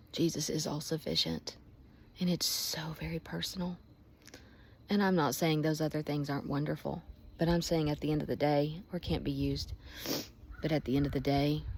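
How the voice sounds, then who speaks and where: A woman speaks in a low, gravelly voice, close to tears as she shares a heartfelt devotional reflection. She often sinks to near whispers. Faint background noise sits under the recording. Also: darkish tone. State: emotional, close to crying. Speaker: Christian vlogger. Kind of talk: emotional devotional talk.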